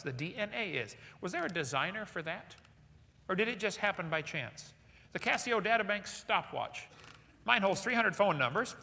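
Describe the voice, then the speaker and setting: A man giving a lecture to a live audience in a large hall, animated and jokey, firing rhetorical questions at the crowd. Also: high-pitched. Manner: jokey asides. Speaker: seminar speaker. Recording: long hall reverb.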